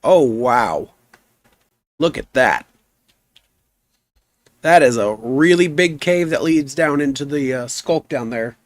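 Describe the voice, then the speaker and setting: A man streaming a game live, chatting in an easygoing, rambling way and reading his chat aloud, with a rough voice. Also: mid-range voice, animated, slow, long pauses, no room sound. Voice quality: rough, gnarly voice.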